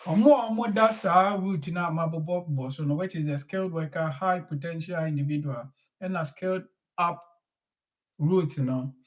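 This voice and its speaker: A man, a lawyer who explains immigration rules slowly and mixes English legal terms into his Twi. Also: fairly high pitch. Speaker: lawyer answering questions. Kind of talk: explanatory talk in a live online session.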